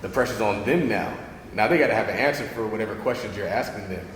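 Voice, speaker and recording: A man's voice: fairly low pitch, quick pace, a little hiss or hum. A man hosting a talk show, chatting casually and thinking aloud as he responds to his guest. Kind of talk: casual interview chat. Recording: echoey room with long reverb and faint ambience.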